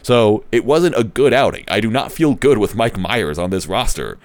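A man's voice: on the low side, expressive, moderate pace, dry recording. A man giving a casual solo talk as a baseball fan commentator, rambling, correcting himself and joking wryly. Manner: rambling, self-correcting, wry. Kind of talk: casual solo sports podcast.

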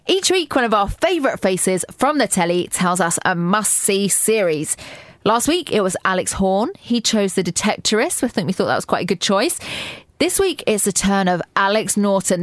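Woman, radio co-host, bubbly chatter, mid pitch, dry studio sound. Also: big pitch swings, moderate pace, dry recording. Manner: chatty, bubbly, laughs easily. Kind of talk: casual chat and show links.

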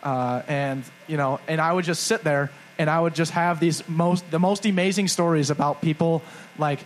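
A man's voice: fairly high pitch, fairly even intonation, normal speed, a little hiss or hum, rough recording. A young man co-hosting a live podcast show on stage, telling a rambling, self-mocking story and acting out the quotes. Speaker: podcast co-host. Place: live stage before a crowd.

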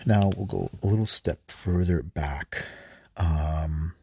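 A man hosting a podcast Bible study, reading scripture and prayers aloud, with halting pauses and restarts. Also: low-pitched, vocal fry, mellow, slight background noise. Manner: halting, many fillers and restarts while reading. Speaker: podcast host.

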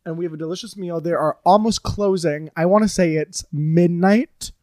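A woman guest on a comedy podcast, telling an absurd improvised story with playful, theatrical deadpan. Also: fairly low pitch, moderate pace, no echo.

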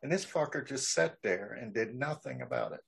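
A man's voice: medium pitch, huge pitch swings, brisk, vocal fry, husky. A man in a casual chat, talking bluntly and with profanity about being picked on at school. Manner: blunt and profane, laughs along.

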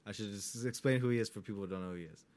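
A man chatting casually as a co-host, rambling and excitable, often trailing off while searching for words and swearing easily. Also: lowish voice, rapid-fire. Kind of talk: casual chat.

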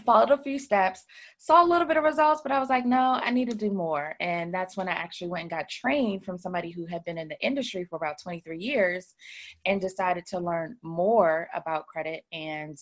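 Interview guest, woman with a lowish voice, relaxed storytelling, lots of fillers. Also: brisk. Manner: chatty, telling her story with many fillers. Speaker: credit repair business owner, guest. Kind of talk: casual interview talk.

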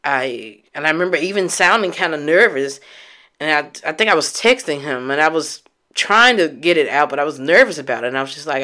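A woman vlogger telling a personal story in a candid, emotional, reflective way, with halting restarts and casual swearing. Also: deep voice, animated, bright, forceful tone.

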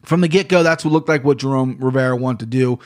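A man's voice: medium pitch, fast talker. A man hosting a solo podcast in a casual, rambling way, swearing freely and often tacking "right?" onto his points. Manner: rambling, profane, keeps adding "right?". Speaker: podcast host.

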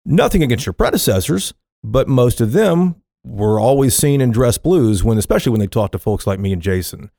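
A man hosting a podcast, interviewing a guest in a halting, conversational way. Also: mid-range voice, big pitch swings, gravelly, dark tone, no room sound, studio quality. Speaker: podcast host.

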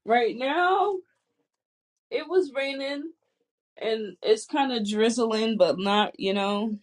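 A woman chatting casually in a soft-spoken way that trails off. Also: a little high, slow. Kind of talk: casual chat.

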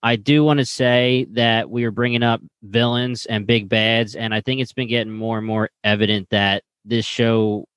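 Male podcast co-host, earnest opinions, lowish voice, dry sound. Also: fairly even intonation, normal speed, few pauses, fairly bright tone, clean tone, no room sound. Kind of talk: casual chat.

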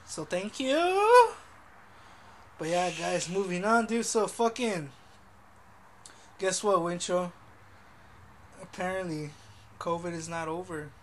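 A man's voice: high-pitched, fairly even intonation, a little slow, long pauses, noisy background. A man co-hosting a casual podcast, talking in a crude, profane, slangy way. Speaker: podcast co-host.

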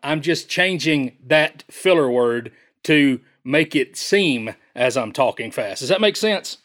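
A man from Tennessee, a champion auctioneer who breaks into a rapid, rhythmic chant and explains it in a friendly way. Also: mid-range voice, expressive, fairly bright tone. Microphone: phone line.

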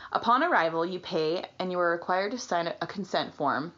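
A woman hosting a podcast in casual chat, reading out a listener's story, animated and swearing casually. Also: on the low side, fairly quick, lo-fi sound. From Britain. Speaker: podcast host.

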